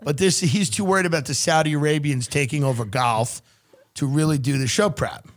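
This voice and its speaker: A man's voice: fairly high pitch, brisk, slight background noise. A man hosting a podcast, chatting casually and joking about a clip, sometimes mimicking the people he talks about. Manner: joking, does mocking quoted voices. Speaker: podcast host.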